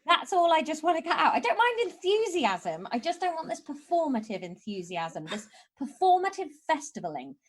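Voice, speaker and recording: Sardonic woman with a lively high voice. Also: moderate pace, few pauses, slight background noise. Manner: sardonic, mock-grumpy ranting; laughs between lines. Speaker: comedian guest. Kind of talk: casual podcast chat.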